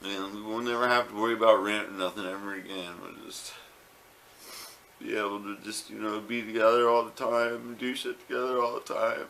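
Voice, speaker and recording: A man's voice: lowish voice, level tone, brisk, gravelly, a bit bright, slight background noise. A man talking casually to a home camera, rambling with fillers and repeated words. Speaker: vlogger. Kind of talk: casual home video talk.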